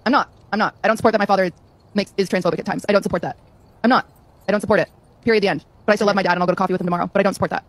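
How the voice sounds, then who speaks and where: A woman's voice: mid-range voice, steady tone, very fast, no room sound. A woman streamer talking to her chat, insistent and repeating herself as she defends her view. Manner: insistent, repetitive.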